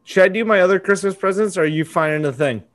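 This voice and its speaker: A man's voice: sits high, fast, fairly bright tone. A young man co-hosting a comedy podcast, riffing into profane mock rants with sudden yelped outbursts. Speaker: podcast co-host. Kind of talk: casual comedic chat.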